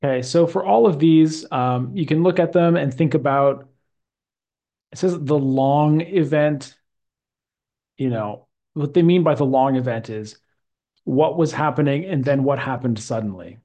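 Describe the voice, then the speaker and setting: A man teaching English grammar, speaking slowly and deliberately and drawing out key words for a student. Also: on the high side, mellow.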